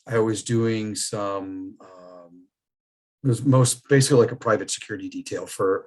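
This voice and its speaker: Laughing man telling a story. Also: lowish voice. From New York state. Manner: animated storyteller, laughs often. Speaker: firearms trainer guest. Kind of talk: casual storytelling chat.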